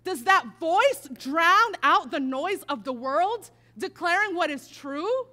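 A woman preaching a sermon, telling a personal story and moving from hushed, quiet passages to emphatic declarations. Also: very high-pitched, expressive, slow pace.

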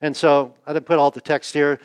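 A pastor delivers a conversational sermon at a church service in a flat, fairly quick, smooth male voice. He's chatty, keeps asking "right?", and acts out the quotes he reads by raising his pitch.

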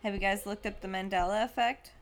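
A woman, a guest and mother, chatting casually in a warm, lightly scolding manner. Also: mid-range voice, fairly even intonation, fast talker, a crowd in the background. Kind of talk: casual chat.

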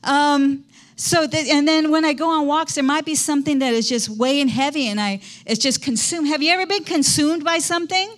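A woman's voice: high-pitched, a little fast. A middle-aged woman pastor preaching a conversational sermon in a church, quizzing the congregation as she goes.

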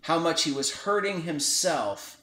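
A man's voice: fairly high pitch, measured pace. A man hosting a podcast, telling a story in a casual chat and acting out the quoted lines. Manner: animated retelling, acts out quoted dialogue. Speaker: podcast host. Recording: echoey room.

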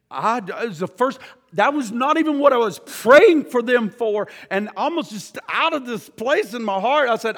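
A man with a very high voice delivers a fervent sermon from the pulpit. He keeps firing questions at his congregation, and the sound rings out in a long hall reverb. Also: animated, moderate pace, a bit bright. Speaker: pastor.

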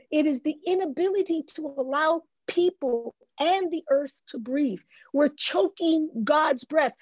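A woman from the Bronx, speaking as a guest in an interview with a preaching cadence, slowing into emphatic drawn-out phrases. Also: high-pitched, darkish tone, no room sound. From the Bronx, New York. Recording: dull lo-fi dry sound.

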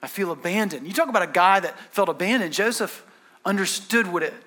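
Man, pastor preaching, high voice, chatty storytelling, restarts. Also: fairly quick, sharp tone. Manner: conversational storytelling with many restarts. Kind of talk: sermon.

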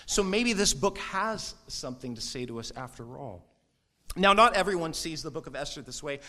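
A male pastor delivering a sermon in a lively, conversational way, breaking into quick asides. His voice sits a little high for a man. He now and then slips into short mock voices when he quotes people.

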